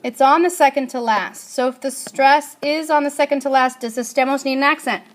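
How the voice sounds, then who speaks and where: A woman's voice: high voice, brisk. A woman teaching a Spanish grammar lesson, asking her class questions and answering them herself.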